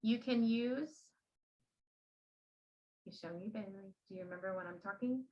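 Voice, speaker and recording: At a moderate pace, a woman of ordinary pitch runs a classroom demo for other teachers as a teacher trainer. She keeps a child beside her steady while she explains, patient and gentle throughout, on slightly muffled, lo-fi audio.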